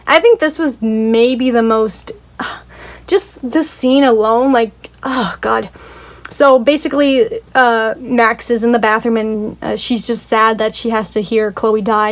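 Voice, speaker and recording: A young woman casually retelling a story for a video review, rambling with lots of "like" and swearing, and gushing about how sad it was. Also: fairly high pitch. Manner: emotional, gushing.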